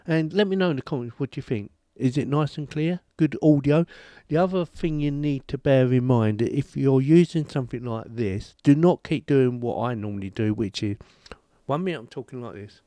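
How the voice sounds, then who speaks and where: A British tech reviewer rambles chattily and self-deprecatingly through a casual home review of a desk microphone mounted on a boom arm. His voice is medium-pitched and dark, delivered at a moderate pace. The recording is dry and clean, with studio sound.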